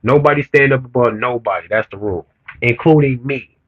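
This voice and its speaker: A man's voice: medium pitch, fairly quick, phone-quality sound, slight background noise. A man on a livestream, talking to his chat in a blunt, profane, heated rant that keeps building in emphasis. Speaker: streamer reading comments.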